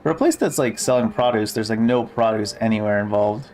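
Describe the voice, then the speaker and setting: A man's voice: lowish voice, a little fast, darkish tone, a little hiss or hum. A man giving casual gameplay commentary who reads game text aloud and swears offhandedly. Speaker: gamer.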